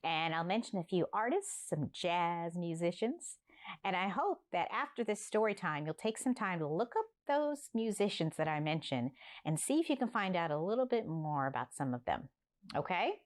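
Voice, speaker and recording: A woman from Newfoundland hosting a library story time, talking warmly and playfully straight to young children. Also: on the low side, normal speed. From Newfoundland, Canada. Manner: animated, coaxing, talks straight to young children.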